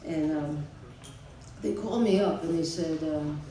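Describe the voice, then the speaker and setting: A man in his sixties giving a tribute speech for his brother, telling stories in a halting way, with fillers and chuckles. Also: a little high, dark tone. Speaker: family member giving a eulogy. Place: memorial gathering in a large hall. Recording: echoey hall from far off, noisy.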